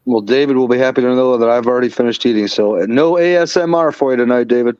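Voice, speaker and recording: A man's voice: mid-range voice, quick pace, darkish tone, smooth. A man hosting a casual livestream chat, joking and teasing his guests. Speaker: livestream host. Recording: dull dry stream audio.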